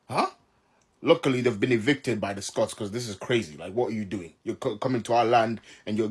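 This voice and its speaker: A man's voice: on the low side, husky. A man from Southern Africa giving casual reaction commentary, exasperated and incredulous, often laughing in disbelief.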